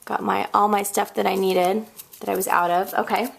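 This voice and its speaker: A woman in her thirties hosting a casual card-making tutorial, bubbly and chatty, squealing when she gets excited. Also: medium pitch, normal speed, vocal fry, a little hiss or hum. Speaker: crafting tutorial host.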